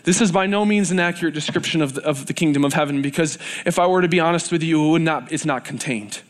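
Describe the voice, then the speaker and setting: A man's voice: fairly high pitch, quick pace. A man preaching a sermon in a church, earnest and repetitive, building in intensity.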